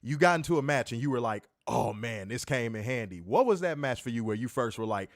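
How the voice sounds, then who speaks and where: A man's voice: medium pitch, expressive, a little fast, no echo, studio quality. A man hosting an interview, hyping his guest up in a playful, repetitive patter. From not from the South, city raised. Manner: playful hype-man patter, repeats himself. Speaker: interview host. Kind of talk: hyped casual interview.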